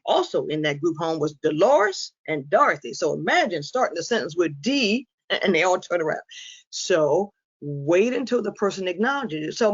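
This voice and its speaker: A woman addresses an audience in a frank, humorous presenting style, telling stories and acting out what people said. Her delivery is lively and conversational. The recording is dull and lo-fi, like a captured live talk. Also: lowish voice, normal speed, breathy edge. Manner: lively storyteller who acts out quoted lines. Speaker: inspirational speaker on dementia caregiving.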